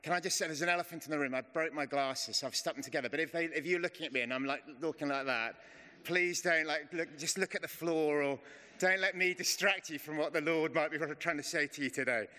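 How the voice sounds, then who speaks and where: A man, middle-aged, giving an informal, chatty and self-deprecating sermon as a preacher. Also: fairly high pitch. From England. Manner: chatty and self-deprecating, slows to a hush in prayer. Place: church hall. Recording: long reverb of a church hall.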